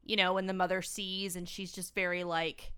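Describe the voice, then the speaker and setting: A woman's voice: on the low side, little pitch movement, moderate pace, sharp tone, smooth. A woman co-hosting a casual film podcast, recapping the plot in a chatty way with lots of asides. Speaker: podcast co-host.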